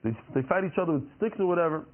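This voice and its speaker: A man's voice: fairly high pitch, lively intonation, fast talker. A man giving a Talmud lesson, explaining by asking questions and answering them himself. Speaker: Talmud teacher. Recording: tinny phone-like recording.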